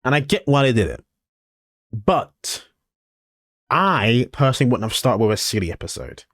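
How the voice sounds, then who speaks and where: A man's voice: mid-range voice, very animated, moderate pace, fairly bright tone, no room sound, studio quality. A man co-hosting a podcast in casual review chat, blunt and swearing, often acting out imagined scenes. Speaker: podcast co-host.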